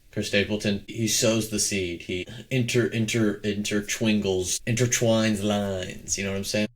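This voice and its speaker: A man's voice: lowish voice, a little fast, hardly any pauses. A young man co-hosting a podcast, speaking earnestly and sometimes searching for words. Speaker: podcast co-host. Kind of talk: casual chat.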